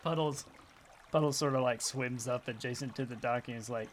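A man playing a tabletop game, relaxed and a little hesitant. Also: mid-range voice, a little fast, a little hiss or hum. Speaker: player. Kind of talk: casual tabletop play.

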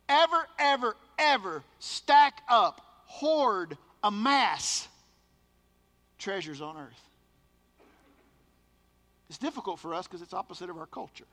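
A male pastor delivers a sermon in a very high, bright voice. He is emphatic and drives his points home by repeating words. His voice carries a long reverb, as in a large hall.

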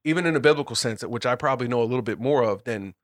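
A man of middle pitch talks through scripture with a small group in a loose, chatty way. He circles back on his words, restarts sentences and laughs easily while he explains. The sound is close and dry, with almost no room around it. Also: racing, dry recording. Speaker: Bible study leader. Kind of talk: casual group Bible discussion.

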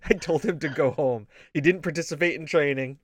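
A man co-hosting a casual gaming show, telling rambling stories full of swearing and laughter. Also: a little high. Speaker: podcast co-host.

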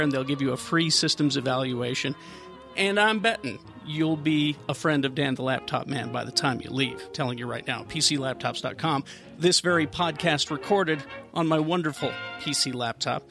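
A man hosting a casual podcast, loud and playful, laughing often and reading an ad. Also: fairly high pitch. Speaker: podcast host. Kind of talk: casual podcast banter and read ad.

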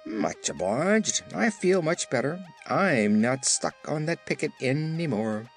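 A man's voice: on the high side, sing-song, takes it slowly, faint music behind, voice pushed up, full character voice. A man voicing a touchy, earnest male scarecrow made of straw, speaking sternly.

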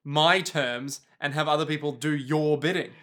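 A man co-hosting a podcast, recapping a cartoon with quick quips and jokes. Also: a little high, fairly even intonation, pushed and bright. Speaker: podcast co-host. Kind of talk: casual chat recapping a show.

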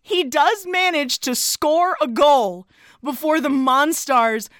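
A woman co-hosting a podcast, chatting casually and excitedly as she recaps a movie, with plenty of laughing and swearing. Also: high voice, slow pace, dry recording, clean studio sound. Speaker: podcast co-host.

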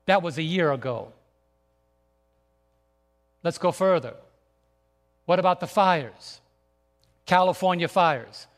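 High-voiced preacher in a reverberant hall. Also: male voice, animated, takes it slowly, long pauses. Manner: emphatic, repetitive preaching with restarts. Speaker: pastor. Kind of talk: sermon with slides. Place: church sanctuary.

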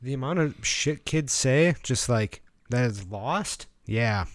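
A man's voice: mid-range voice, lively intonation, slow, dry recording. A man co-hosting a podcast in casual chat, cracking dry, teasing jokes at the others. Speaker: podcast co-host.

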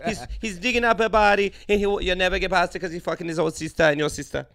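A brash late-night psychic lady, as a comedian puts her on, shouting revelations with mock certainty. Her voice sits well above his normal register. She sounds loud and scolding. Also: sits high, steady tone, fast, vocal fry, pitched above the performer's own voice. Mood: outraged. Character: brash middle-aged woman TV psychic.

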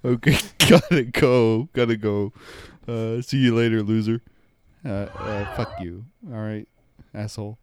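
A man's voice: fairly low pitch, steady tone, a little slow, a little hiss or hum. A man playing a game with friends over voice chat, improvising a goofy security guard and cracking jokes. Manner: joking, teasing, breaks into laughter.

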